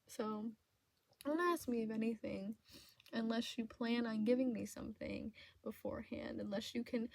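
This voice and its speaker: A woman in an emotional confessional vlog, tearful and choked up, talking in halting bursts, repeating herself and swearing. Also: a little high, creaky, warm tone, no echo. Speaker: vlogger. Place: inside a parked car.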